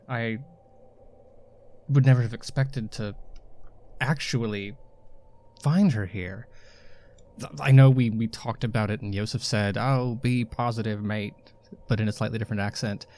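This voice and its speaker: A man's voice: on the low side, a little slow, pauses often, a little mellow. A man playing a tabletop game, eagerly describing his character's actions with some stammering. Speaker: player.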